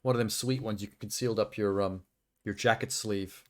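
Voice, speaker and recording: A man live-streaming a video game, commentating excitably, swearing often and joking about what happens on screen. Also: fairly low pitch, fairly quick, slight background noise.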